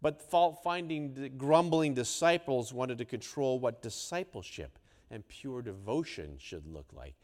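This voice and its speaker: A man preaching a sermon, swinging between hushed, quiet lines and loud, emphatic ones. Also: mid-range voice, expressive, unhurried. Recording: long hall reverb.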